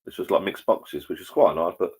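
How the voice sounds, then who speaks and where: A man hosting a relaxed livestream, chatting to viewers in a rambling, matey way over drinks at home. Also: low-pitched, fairly quick, breathy edge. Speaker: livestream host. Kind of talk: casual chat with viewers while drinking. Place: at home, indoors.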